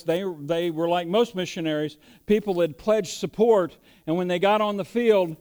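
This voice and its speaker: High-voiced preacher with a smooth tone. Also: male voice, a little mellow. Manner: preaching with rising emphasis and rhetorical questions. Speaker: pastor. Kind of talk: sermon.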